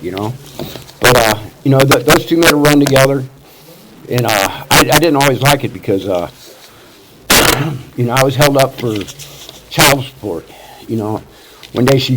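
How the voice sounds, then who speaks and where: A man in his sixties from Missouri, telling his life story at a recovery meeting in a rambling, profane way, full of "you know" fillers. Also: fairly low pitch. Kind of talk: casual storytelling testimony. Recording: loud background noise.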